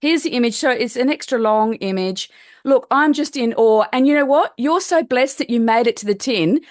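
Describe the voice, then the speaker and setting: A woman's voice: fairly high pitch, lively intonation, moderate pace, no room sound, studio quality. A woman hosting an interview podcast, chatting casually and speaking with effusive enthusiasm. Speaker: podcast host.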